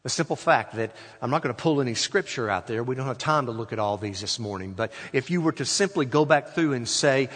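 A pastor preaching a sermon, stressing key words slowly and letting his voice fall away at the end of phrases. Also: medium pitch, animated, slightly rough, in a large hall. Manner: slow, emphatic phrasing that trails off quietly at line ends.

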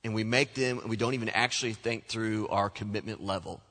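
A man preaching a sermon as pastor, animated, acting out the voices he quotes. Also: on the low side, fairly quick. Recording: long hall reverb.

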